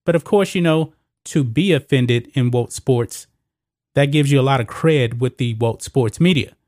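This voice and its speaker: A man's voice: medium pitch, moderate pace, darkish tone, no echo, clean studio sound. A man hosting opinionated sports commentary, emphatic and repetitive, calling viewers guys.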